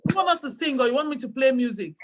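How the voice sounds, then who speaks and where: A woman hosting a video call, teasing a friend in a brisk way. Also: sits high, expressive, heavy background noise. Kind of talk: casual chat on a video call.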